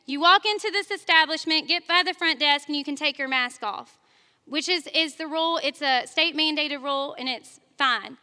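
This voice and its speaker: A woman preaching a sermon with a high, very sharp and bright voice. She tells stories in a chatty way, talks straight to the congregation and laughs at herself. Her voice rings with the long reverb of a large church hall. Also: normal speed. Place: church sanctuary.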